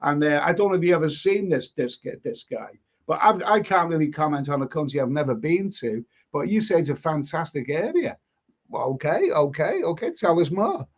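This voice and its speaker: A man's voice: on the high side, expressive, a little fast, hardly any pauses. A man from England hosting a casual live stream, reading chat comments aloud and giving blunt opinions, often repeating and restarting his words. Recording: dull lo-fi stream audio.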